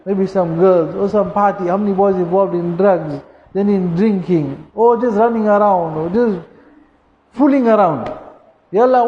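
A high-voiced man gives a storytelling sermon, turning often to his congregation. His voice rings through a large, echoing mosque hall. The recording sounds a little dull. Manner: storytelling, addresses the congregation directly. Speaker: mufti preacher.

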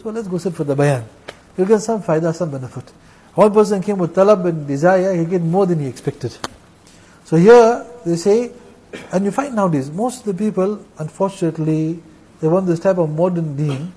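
A man's voice: high voice, moderate pace, dark tone, slightly rough, low-quality recording. A man preaching a sermon, lecturing emphatically and repeating phrases, peppered with Arabic and Urdu religious terms. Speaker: Islamic preacher.

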